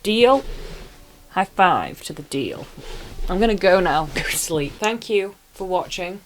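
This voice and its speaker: Low-voiced woman gushing about a film. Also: a little slow, a little hiss or hum. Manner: animated and gushing, jokes about herself. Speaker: anime film reviewer. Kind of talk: casual spoken film review.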